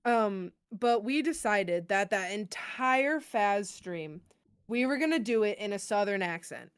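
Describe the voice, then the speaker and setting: A podcast co-host with a medium-pitched, expressive voice speaks at a measured pace, her tone clear and resonant in clean studio sound without room noise. She chats casually, laughing often and swearing freely.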